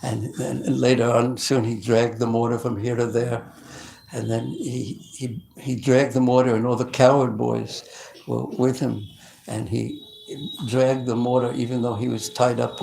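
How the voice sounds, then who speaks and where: A male preacher telling devotional stories in a lively sermon, often stopping and restarting his sentences. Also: medium pitch, normal speed, creaky, slight background noise, low-quality recording. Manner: animated, with frequent restarts.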